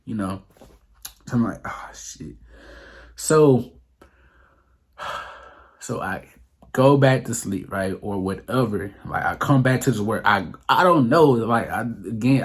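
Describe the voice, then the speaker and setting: A young male vlogger with a low, husky voice delivers a casual storytime monologue. It's rambling and profane, full of fillers.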